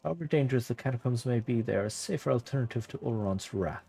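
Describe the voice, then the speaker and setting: A man voicing a kindly old monk who protects a young ward, reading the old-fashioned dialogue aloud softly. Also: medium pitch, quick pace, gravelly, heavy background noise, pitched below the performer's own voice, natural voice. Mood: gentle.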